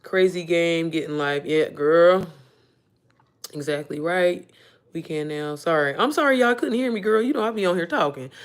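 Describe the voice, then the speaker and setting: A woman in her thirties with a lowish voice talks at normal speed while hosting a casual motivational livestream. Animated and full of swearing, she reads viewer comments out, responds, and refers to her audience as "baby" and "y'all."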